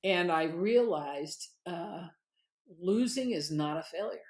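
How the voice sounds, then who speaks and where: A middle-aged woman, a guest on an interview show, telling stories in an animated, emphatic way. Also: on the low side, takes it slowly. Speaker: guest, author and former candidate. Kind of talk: conversational interview storytelling.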